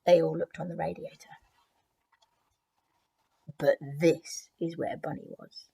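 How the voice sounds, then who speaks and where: A woman teacher reading a picture book aloud to children, expressive and gentle, with chatty asides. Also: low voice, takes it slowly, gravelly, breathy edge.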